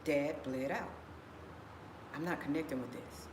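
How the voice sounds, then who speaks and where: A woman's voice: deep voice, expressive, a little slow, long pauses. A woman vlogger telling a personal story in a rambling way, repeating phrases as she goes. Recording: echoey room with background noise.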